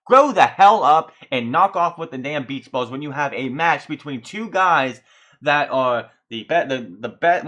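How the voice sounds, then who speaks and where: A man's voice: medium pitch, bright, forceful tone. A man hosting a casual solo wrestling review podcast, ranting heatedly with lots of swearing and frequent stumbles and restarted words.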